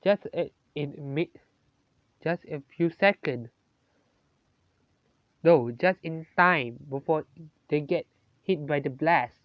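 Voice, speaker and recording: A narrator improvising a fan story aloud in a halting way, often stopping to correct themselves mid-sentence. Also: mid-range voice, no echo, lo-fi sound.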